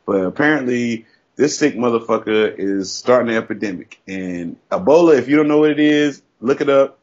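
A man's voice: mid-range voice, lively intonation, moderate pace, muffled recording. A man from the American South co-hosting a podcast, rambling in a laid-back way with crude humor. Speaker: podcast co-host. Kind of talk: casual chat.

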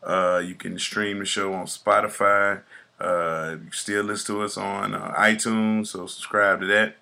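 A hoarse man hosts a casual podcast in a deep, raspy voice. His tone is bright and punchy, and he talks loosely, boasting and joking between stories. He sounds close to a studio mic. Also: level tone, measured pace. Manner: boastful, joking hype intro, loose storytelling. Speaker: podcast host; youth football coach.

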